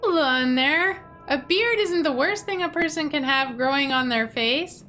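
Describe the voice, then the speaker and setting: A woman's voice: high-pitched, measured pace, sharp tone, soft background music, voice pushed up. A woman voicing a cheerful, teasing young male companion from a video game, in a joking way.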